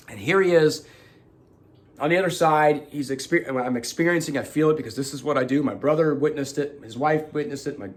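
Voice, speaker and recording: A middle-aged man hosting a show, telling a personal story in casual talk and acting out the voices of the people in it. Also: on the high side. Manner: animated, acts out quotes with sudden loud outbursts. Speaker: host.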